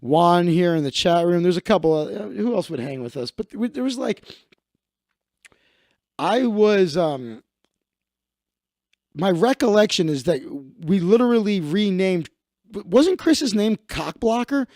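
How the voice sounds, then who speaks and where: Animated high-voiced man with gravelly edge. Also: measured pace, long pauses, no room sound, clean studio sound. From Chicago. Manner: swearing, acts out others in higher voices. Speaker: livestream host. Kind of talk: casual comedic rant.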